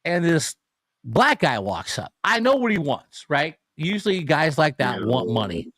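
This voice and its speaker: Animated man telling a story. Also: fairly high pitch, a little slow, dry recording, clean studio sound. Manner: animated storyteller, swears freely. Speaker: podcast co-host. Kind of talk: casual sports talk storytelling.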